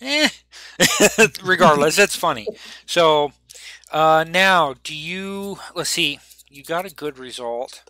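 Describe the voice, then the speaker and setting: A man running a tabletop game as game master, relaxed and rambling, laughing often. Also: fairly high pitch, takes it slowly.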